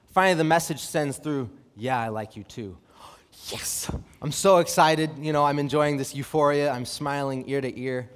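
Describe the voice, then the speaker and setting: A young man preaching a sermon, reading scripture and telling a personal story, with lively rhetorical questions. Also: mid-range voice. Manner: animated, asks rhetorical questions, reads scripture aloud. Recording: long hall reverb.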